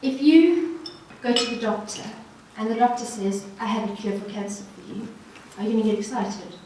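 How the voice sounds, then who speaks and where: A woman's voice: fairly high pitch, normal speed, a little mellow, a little hiss or hum. Woman speaking earnestly in an echoey hall. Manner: earnest, encouraging, addresses audience directly. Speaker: guest speaker. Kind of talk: personal testimony talk. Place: hall at a ladies' social evening. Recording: echoey room from far off.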